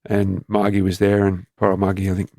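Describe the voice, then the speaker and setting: A man's voice: sits low, completely flat delivery, a little fast, gravelly, mellow, no room sound, clean studio sound. A man in his fifties with an Australian accent, a former police commander telling frank stories in a plain-spoken conversational way. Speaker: retired police commander and guest. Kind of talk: candid conversational storytelling.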